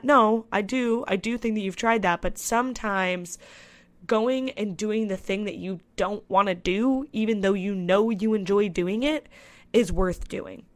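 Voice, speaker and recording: A young woman in her twenties talks through her own experiences on a podcast, candid and chatty. Her voice sits at a middle pitch for a woman, and she tells the story loosely, with "I was like" asides. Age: 20s. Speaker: podcast host. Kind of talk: casual solo podcast monologue.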